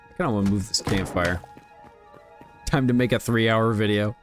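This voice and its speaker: A man chatting casually on a game livestream, rambling and relaxed as he talks to his viewers while playing. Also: lowish voice, normal speed, pauses often, soft background music. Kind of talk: casual gaming livestream chat.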